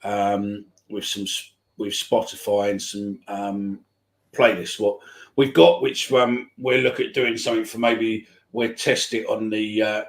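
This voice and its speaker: Speaking at a measured pace in a lowish, flat voice, the football fan podcast host rambles casually, restarting sentences and filling gaps with um.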